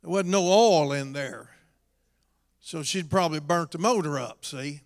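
A high-pitched, gravelly middle-aged man delivers a slow, drawn-out sermon. He moves from hushed storytelling to shouted preaching, and his voice rings with the long reverb of a church hall. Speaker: pastor.

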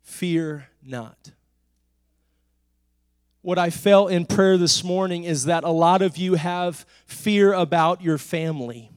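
A man preaching a sermon in a church, rising to shouted declarations with "uh" between phrases and falling back to soft, low talk. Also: slow pace, clear, resonant tone, no room sound. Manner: drops to soft, low speech between climaxes.

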